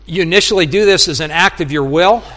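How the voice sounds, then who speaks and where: Talking fast in a fairly high, somewhat bright voice, a middle-aged preacher delivers an earnest sermon and frequently performs his own dialogues and prayers with God. His speech has a long reverb tail.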